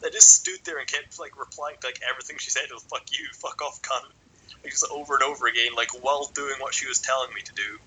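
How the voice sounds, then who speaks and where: A man's voice: medium pitch, racing, hardly any pauses, sharp tone, slight background noise, rough recording. A young man telling a rambling school story on a podcast, swearing constantly and filling every gap with "like". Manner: sweary, rambling, filler-heavy. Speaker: podcast co-host.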